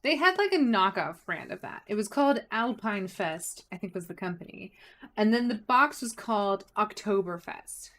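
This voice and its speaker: A woman's voice: mid-range voice, expressive, normal speed, a bit bright. A woman streaming a game, chatting casually and asking herself rhetorical questions. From United States. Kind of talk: casual livestream chat while gaming.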